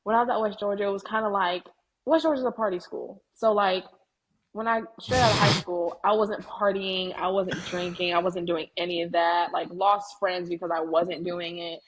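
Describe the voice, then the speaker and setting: A woman's voice: on the low side, steady tone, normal speed, breathy edge, poor audio. A young woman in her twenties, a graduating student and interview guest, talking candidly and peppering her stories with "like". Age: 20s. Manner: candid storytelling, frequent "like". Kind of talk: casual interview.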